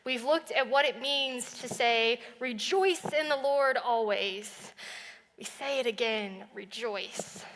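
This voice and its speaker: Bright-voiced young woman preaching in a hall. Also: on the high side. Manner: conversational, chatty preaching. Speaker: college minister. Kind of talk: sermon. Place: church sanctuary. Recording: long reverb of a church hall.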